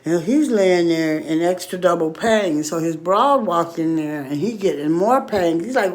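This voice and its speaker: A woman telling a long rambling story in casual chat, animated, often laughing and acting out quoted voices, blunt and profane. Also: on the low side, measured pace, a little hiss or hum.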